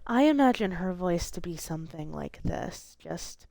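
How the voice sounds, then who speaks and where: Eager and casual, a female streamer explains the game's rules to her co-player. She has a lowish, slightly mellow voice with vocal fry and lively intonation, speaking at a moderate pace in a dry recording.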